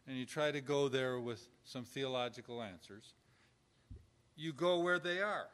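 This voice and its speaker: A man's voice: mid-range voice, a little slow, a bit bright, clean tone. A man giving an informal lecture on caregiving with numbered points, talking conversationally and acting out example dialogue. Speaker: instructor on pastoral caregiving.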